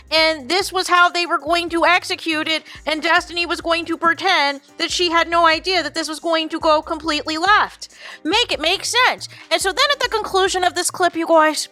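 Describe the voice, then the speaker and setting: A woman's voice: very high-pitched, bright, forceful tone, no echo. A woman hosting a reality-TV reaction channel, chatting casually to viewers and calling them "you guys". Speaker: YouTube reaction host.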